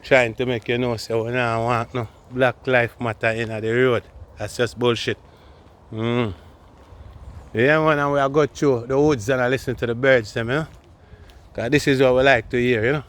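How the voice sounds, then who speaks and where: A man's voice: mid-range voice, fairly even intonation, normal speed. A man vlogging casually on an evening walk outdoors, chatting to his viewers as he goes. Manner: laid-back, talks to viewers while walking. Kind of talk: casual walking vlog.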